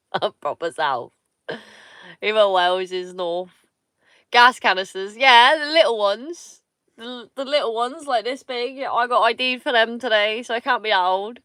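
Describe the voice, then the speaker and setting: Slow and easygoing, a woman from Somerset, England, chats casually with her livestream viewers, teasing them bluntly and swearing without restraint. Her medium-pitched voice is bright and crisp. The audio is close and dry, free of room echo.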